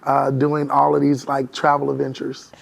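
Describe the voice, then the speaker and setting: A man's voice: mid-range voice, completely flat delivery, moderate pace, creaky. A man from Florida, a travel content creator, chatting enthusiastically as a podcast guest. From Orlando, Florida. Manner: enthusiastic, says "come on" a lot. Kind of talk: casual interview chat.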